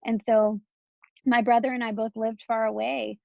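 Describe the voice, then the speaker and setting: A woman's voice: on the high side, flat delivery, normal speed, vocal fry, dry recording, dull audio. A woman from Texas in her thirties, speaking as an interview guest in a loose, candid flow full of "like" and restarts.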